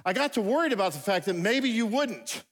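A man's voice: sits high, sing-song, brisk, a bit bright. A middle-aged man preaching a sermon, telling a comic story with asides and stumbling restarts. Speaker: pastor. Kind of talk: humorous sermon. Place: large church hall. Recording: long hall reverb.

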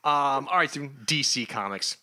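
A man co-hosting a podcast, chatting casually about comics in an animated way, with frequent stammering restarts and laughter. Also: mid-range voice, normal speed. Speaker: podcast co-host. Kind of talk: casual comic review chat.

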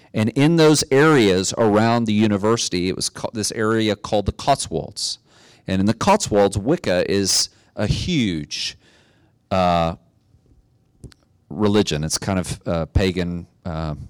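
A middle-aged man preaching a sermon, telling a story in a relaxed way and building to emphatic exhortation. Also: on the low side, dry recording. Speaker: pastor.

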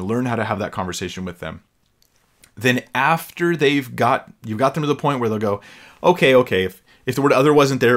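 A man giving an earnest teaching talk, explaining step by step, repeating words as he goes and reading scripture aloud slowly. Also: fairly low pitch. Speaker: Bible teacher.

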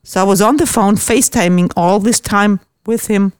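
A woman from Austria telling dating stories in casual chat, blunt and animated, swearing freely. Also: mid-range voice, moderate pace, smooth, dry recording, clean studio sound.

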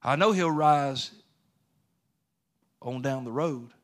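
Jesus, calm and sure, quiet probing questions, a male preacher voicing him. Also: mid-range voice, slow pace, natural voice. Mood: assured. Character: calm assured male Jesus, patient teacher.

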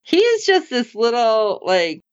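Animated woman recapping a show. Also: unhurried, smooth, lo-fi sound. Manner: animated, acts out characters' lines with big pitch jumps. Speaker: podcast co-host recapping an episode. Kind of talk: casual chat.

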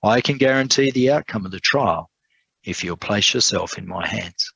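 A man voicing a kind, quiet male lawyer who speaks softly and patiently in a told sermon story. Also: on the low side, expressive, gravelly, slightly rough, no room sound, highs cut off, exaggerated voice. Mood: calm. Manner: soft-spoken, measured.

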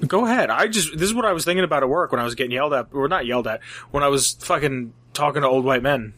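A man's voice: mid-range voice, fast, a bit bright. A young man in casual chat, rambling with lots of fillers and swearing. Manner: rambling, filler-heavy, profane.

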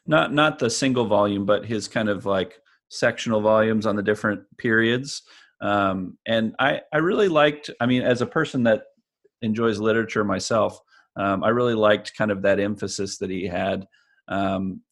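A man conducting an interview, asking questions hesitantly with frequent restarts. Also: on the low side. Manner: hesitant, with many restarts and fillers.

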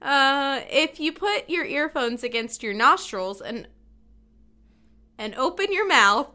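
Woman co-host, high pitch, slow unhurried delivery, chatty, laughs at her own stories. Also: animated, pushed and bright. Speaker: radio show co-host. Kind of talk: casual morning show banter, reading fun facts.

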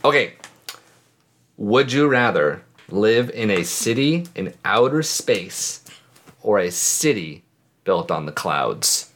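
A man's voice: lowish voice, very animated, slow pace, long pauses, fairly bright tone. A man, a father co-hosting a casual family chat, playful and jokey, often laughing as he talks. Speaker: father and podcast co-host. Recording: noisy home recording.

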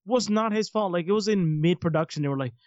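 A man co-hosting a casual movie watch-along, animated and swearing casually, quick to laugh. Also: high-pitched, no room sound, dull audio. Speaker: podcast co-host.

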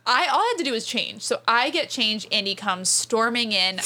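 Young woman, casual storytelling, animated and chatty, lots of "like" fillers, bright tense voice, fairly high pitch. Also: a little hiss or hum. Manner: animated, fast, frequent "like" fillers, laughing as she tells it.

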